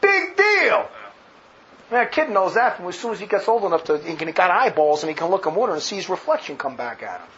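A man's voice: high voice, lively intonation, very fast, hardly any pauses, a bit bright. A man giving emphatic, sarcastic commentary on a speech, laughing at his own jabs. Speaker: religious commentator. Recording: dull lo-fi with faint noise.

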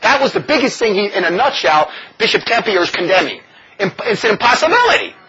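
Husky, animated man, lo-fi recording. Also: high-pitched, quick pace. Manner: animated, mocking, with frequent laughs. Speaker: religious brother leading a community. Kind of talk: impassioned religious talk. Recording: dull lo-fi recording.

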